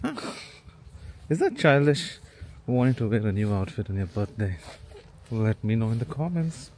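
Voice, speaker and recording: A man's voice: mid-range voice, very animated, moderate pace. A man in his forties, a travel vlogger, talking casually to his camera outdoors and laughing at himself often. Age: 40s. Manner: chatty and self-deprecating, laughs often. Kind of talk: casual vlog talk to camera. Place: outdoors on a road trip, by a van and on hikes. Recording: loud outdoor wind and vehicle noise.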